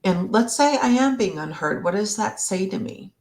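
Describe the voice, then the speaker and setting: A woman therapist in a live Q&A, speaking slowly and reflectively, sometimes acting out what a partner might say. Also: mid-range voice, animated, a little mellow. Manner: slow, reflective, acts out partner's words. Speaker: relationship therapist. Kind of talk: live Q&A discussion.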